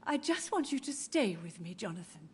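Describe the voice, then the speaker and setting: A woman's voice: mid-range voice, big pitch swings, moderate pace, faint music behind, lightly acted. A woman voicing an elderly, confused mother who mourns her dead children, in game dialogue with a dreamy, wandering delivery that drifts into whispers. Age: older. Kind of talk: video game voice acting.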